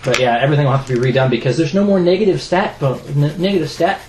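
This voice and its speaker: A man co-hosting a gaming podcast, talking in a casual, rambling way with halting restarts. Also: a little high, lively intonation, roomy sound, noisy background. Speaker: podcast co-host. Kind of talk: casual chat.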